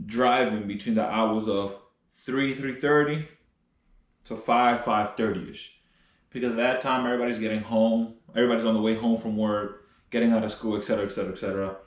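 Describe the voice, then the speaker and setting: Chatty young man vlogging outdoors. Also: on the low side. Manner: loose, chatty, rambling with fillers. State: out of breath. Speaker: car vlogger. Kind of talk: casual vlog talk to camera. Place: outdoors by a truck and garage.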